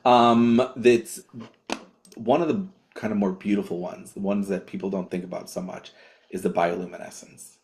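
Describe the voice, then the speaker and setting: A man's voice: deep voice, fairly even intonation, normal speed, darkish tone. A man co-hosting a podcast, talking casually with many fillers and restarts. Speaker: co-host.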